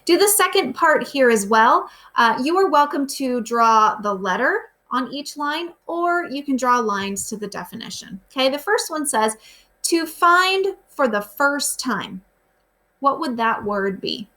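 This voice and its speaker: In a recorded remote lesson, a woman teaching grade school walks her pupils through the day's material, patiently asking them simple questions. Her high, expressive voice moves at a moderate pace with a sharp tone and hardly any pauses.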